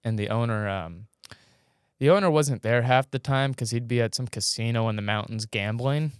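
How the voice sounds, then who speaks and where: A young man from North Carolina spins loose, slangy anecdotes as a podcast guest. His voice is smooth and resonant at a mid pitch, recorded dry and close on a studio mic. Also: normal speed, no echo. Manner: laid-back, slangy, rambling anecdotes. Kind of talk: casual storytelling chat.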